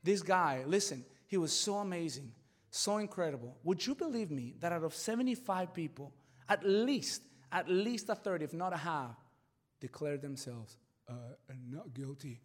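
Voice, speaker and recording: Excitable high-voiced male pastor. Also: normal speed, big-room sound. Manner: animated, excitable storytelling with many "like" fillers; drops to a hushed, earnest tone for serious points. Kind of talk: storytelling sermon.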